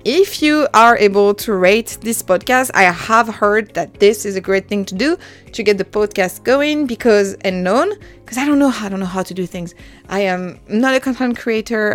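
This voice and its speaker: A woman in her thirties with a French accent, hosting her own podcast in a chatty, self-deprecating way and laughing often. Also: medium pitch. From France. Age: 30s. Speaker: podcast host. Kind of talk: casual solo podcast monologue.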